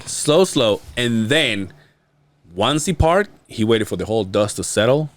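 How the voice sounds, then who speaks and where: A man's voice: mid-range voice, expressive, measured pace. A man hosting a podcast, telling rambling, profane work stories in casual chat and laughing often. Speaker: podcast host. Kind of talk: casual storytelling.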